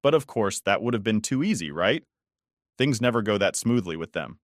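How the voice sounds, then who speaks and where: A man narrating a first-person online story in a measured, steady reading. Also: fairly low pitch, no room sound, studio quality.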